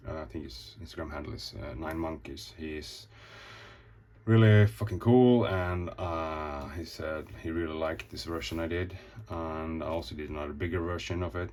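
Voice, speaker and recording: A man's voice: a bass voice, fairly even intonation, normal speed, a little mellow. A man casually showing off his comic pages, rambling, swearing often and acting out the scenes as he goes. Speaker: comic artist. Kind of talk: casual show-and-tell.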